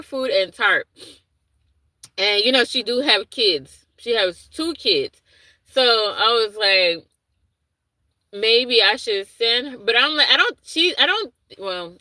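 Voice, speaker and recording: Bright-voiced rambling woman livestreaming. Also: on the high side, dry recording, low-quality recording. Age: adult with a young son. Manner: rambling, loses her thread and restarts; reads and answers chat comments aloud. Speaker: livestream host. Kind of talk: casual livestream chat with viewers.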